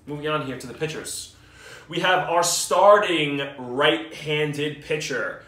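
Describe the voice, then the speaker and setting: A man's voice: fairly high pitch, a little slow, bright, forceful tone, a little hiss or hum. Joking New man, roomy distant sound. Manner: joking, swearing, enthusiastic banter. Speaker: vlogger. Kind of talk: casual video response. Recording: roomy echo, mic at a distance.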